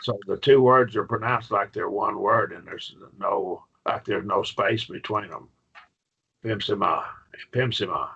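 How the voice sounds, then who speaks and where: Gravelly low-voiced male Greek teacher. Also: fairly even intonation, measured pace, hardly any pauses, a bit bright, dull audio. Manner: patient, questioning, frequent okays. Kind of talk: online class teaching.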